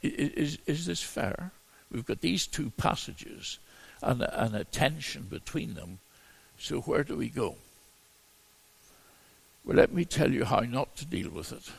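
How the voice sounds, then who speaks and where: A man gives an expository sermon at an unhurried pace. His voice is deeply gravelly and husky. He stumbles and restarts often as he works through the verses. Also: expressive. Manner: halting delivery with frequent repeated words and restarts. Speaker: preacher. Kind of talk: expository Bible teaching.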